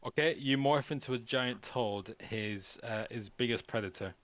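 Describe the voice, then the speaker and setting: A man narrating as game master of a tabletop game, describing scenes in measured steps and pausing on fillers. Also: medium pitch, fairly bright tone, no echo.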